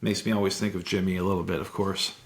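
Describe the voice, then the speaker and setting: Male host, relaxed and encouraging, slightly low pitch. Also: fast. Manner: easygoing, encouraging interviewer. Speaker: podcast host. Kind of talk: casual interview.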